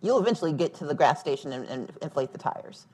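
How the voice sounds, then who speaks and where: Low, husky woman speaking on stage. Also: animated, quick pace, a little mellow. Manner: plainspoken, uses homely analogies, wry. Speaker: guest speaker, former candidate. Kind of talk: public conversation on stage. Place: event room with live audience.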